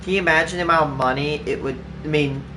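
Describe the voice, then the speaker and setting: A fast-talking man with a slightly high voice rambles through casual chat while gaming on a livestream, leaning on "like" and restarting often. Clear background music plays, and the background is noisy.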